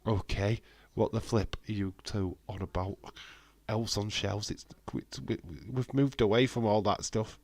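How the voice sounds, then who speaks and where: A man's voice: fairly low pitch, steady tone, a little slow, darkish tone, no echo. A man hosting a live watch-along stream, chatting casually and joking as he reads out and answers comments from his viewers. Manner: joking banter reading out chat.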